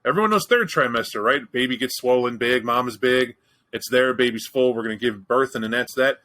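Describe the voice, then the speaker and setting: A man's voice: medium pitch, fairly quick, sharp tone, poor audio. A man hosting a show, chatting casually and telling a candid, profane, joking story. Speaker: podcast host. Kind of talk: casual chat.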